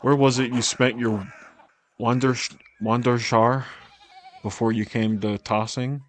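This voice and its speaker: A man's voice: mid-range voice, fairly even intonation, measured pace, slight background noise, lightly acted. A man reading the lines of a friendly young male farmer's son in a video game, plainly.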